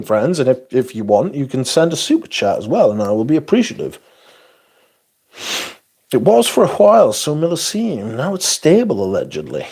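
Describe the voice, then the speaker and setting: Husky, lively man ranting casually. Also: a little high. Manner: blunt, profane and sarcastic. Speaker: livestream host. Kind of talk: casual livestream chat reading comments.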